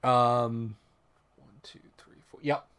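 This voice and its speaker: A man's voice: medium pitch, little pitch movement, slow pace, a bit bright, smooth. A man running a tabletop game as game master, describing the scene with frequent restarts.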